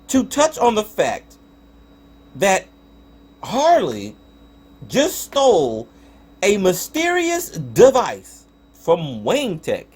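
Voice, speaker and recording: A young man reviews a show in a loose, exasperated rant, full of swearing and stumbling restarts. His voice sits somewhat high for a man and swings widely up and down as he talks. He sounds fed up. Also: wildly swooping pitch, extremely slow, pauses often, breathy edge. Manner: profane, exasperated ranting with frequent restarts. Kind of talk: casual spoken review.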